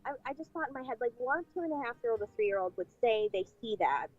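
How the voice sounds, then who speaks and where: A woman with a slightly high voice recounts a personal story on a podcast, chatty and full of fillers as she acts out old conversations. The recording sounds dull and lo-fi, with soft music beneath it. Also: expressive, quick pace. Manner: chatty, filler-heavy, acting out past dialogue. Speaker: guest telling a personal paranormal story. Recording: dull lo-fi clip with faint music.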